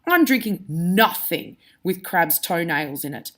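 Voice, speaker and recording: A woman's voice: on the low side, lively intonation, a little slow, fairly bright tone. A woman reading aloud as a squeamish, indignant teenage schoolboy wizard.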